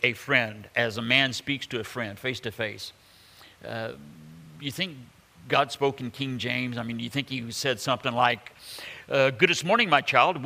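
A man's voice: medium pitch, bright, forceful tone, long reverb tail. A man preaching a sermon in a conversational way, with joking asides, many fillers and restarts. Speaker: pastor.

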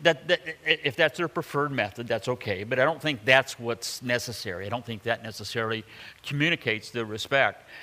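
A man preaching a sermon, his voice bright and forward. He talks in a loose, conversational way, full of "uh"s, restarts and joking asides, and his voice rings out with a long hall reverb behind it. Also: medium pitch. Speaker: pastor.

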